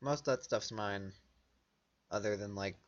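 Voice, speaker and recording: A man's voice: lowish voice, unhurried, highs cut off. Rambling American man gaming. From United States. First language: English. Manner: rambling, filler-heavy, self-correcting. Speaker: gameplay commentator. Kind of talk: casual gameplay commentary.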